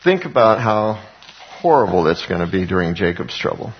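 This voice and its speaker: A man's voice: sits low, normal speed, breathy edge. Man preaching through scripture, lo-fi sound. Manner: conversational, with frequent fillers and repeated words, rising to emphatic. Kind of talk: sermon, reading and expounding scripture.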